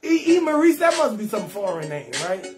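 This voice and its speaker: A man hosting a live comedy stream, shouting out viewers and roasting their names in a loud, sing-song, laughing way. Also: high-pitched, sing-song, brisk, music in the background.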